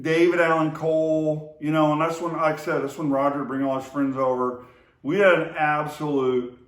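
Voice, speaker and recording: A man's voice: medium pitch, fairly bright tone. Rambling man in a roomy echo. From Oklahoma to Texas area. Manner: rambling, with many fillers and restarts. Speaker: storyteller remembering his brother. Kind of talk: casual spoken memories. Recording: roomy echo, voice far from the mic.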